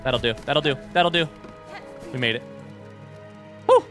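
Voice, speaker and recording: A man from the US East Coast streaming a game live, thinking out loud and reacting excitably. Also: fairly high pitch, measured pace, soft background music. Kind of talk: live gameplay commentary.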